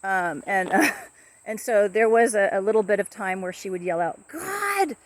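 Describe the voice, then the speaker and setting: A woman casually talking to camera about her pet parrot, rambling softly with many fillers and restarts. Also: mid-range voice, fairly even intonation, normal speed, no room sound.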